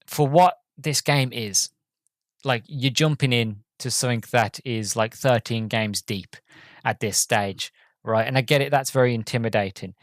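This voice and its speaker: A podcast host talks through a video game review in a loose, chatty way. His voice is mid-pitched and the recording is close and dry, with no room sound around him. He rambles eagerly, restarting sentences and filling gaps with ums. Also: normal speed, dry recording. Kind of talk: casual solo game review.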